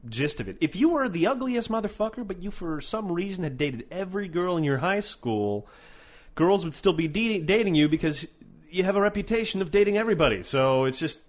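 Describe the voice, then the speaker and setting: A man co-hosting a casual chat show, animated and profane, raising his voice for emphasis. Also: sits high, a little fast. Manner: animated, swears a lot, shouts for emphasis. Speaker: podcast co-host.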